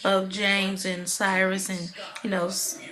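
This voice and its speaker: Woman vlogging about a show episode, rambly and chatty, medium pitch, keeps saying you know. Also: slow pace, a crowd in the background. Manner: animated, acts out the characters' lines while retelling. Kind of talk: casual episode recap.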